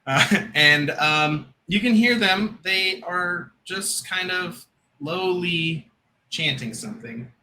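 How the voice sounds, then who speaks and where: A man narrating as game master of a tabletop game, relaxed and often laughing as he describes scenes. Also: high voice, takes it slowly, slight background noise, rough recording.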